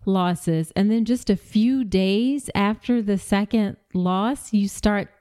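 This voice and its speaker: A woman's voice: mid-range voice, slow pace, warm tone. A woman hosting a podcast interview, listening supportively with short affirmations and asking clarifying questions. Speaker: podcast host. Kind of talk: conversational interview.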